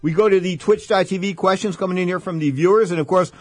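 An older man hosting a boxing radio show talks quickly and loosely, rambling through anecdotes and looping back to his catchphrases. His voice sits at a middle pitch, recorded close and dry with almost no room sound. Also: no echo. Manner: rambling storyteller, repeats catchphrases. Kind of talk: casual talk radio monologue.

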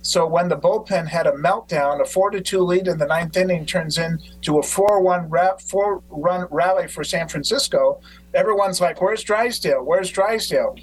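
A man hosting a podcast who tells stories in an animated way and acts out quotes. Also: sits high, normal speed, a little hiss or hum, low-quality recording. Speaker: podcast host. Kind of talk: casual conversation.

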